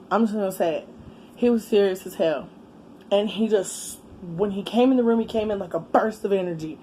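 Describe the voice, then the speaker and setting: Mellow-voiced woman telling a candid story. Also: medium pitch, poor audio. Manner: rambling, candid storytelling with frequent swearing and fillers. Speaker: vlogger. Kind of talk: casual story time while eating. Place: indoors with a fan running. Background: faint fan hum.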